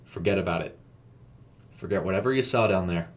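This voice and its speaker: A man's voice: low-pitched, fairly quick, lightly acted. A man voicing a condescending, secretive middle-aged man who turns coldly stern.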